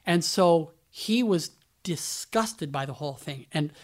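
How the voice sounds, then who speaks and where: A man's voice: a little high, animated, unhurried. A man hosting a radio show, telling a backstage story in a chatty way with conversational asides. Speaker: radio host.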